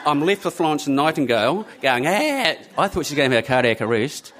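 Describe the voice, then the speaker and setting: A man telling a story live to an audience, animated and acting out the people in it. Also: medium pitch, quick pace, slight background noise.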